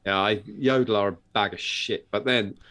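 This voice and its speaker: A British man hosting a live vape show, chatting casually and telling sweary, lively stories and acting out the people in them. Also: lowish voice, normal speed. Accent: British English. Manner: sweary storytelling, acting out other people's voices. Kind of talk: casual chat.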